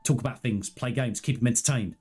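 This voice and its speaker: A man's voice: medium pitch, fairly quick, a little mellow, husky, faint music behind. A man chatting on a live stream, telling personal stories in a candid, rambling, earnest way. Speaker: gaming streamer. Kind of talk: casual live-stream chat.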